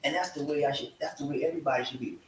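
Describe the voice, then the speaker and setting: A man hosting a casual live chat show from home, excitable and energetic as he hypes up his viewers. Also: fairly high pitch, very fast, slight background noise. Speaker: show host. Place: room at home. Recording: echoey room, voice from far off.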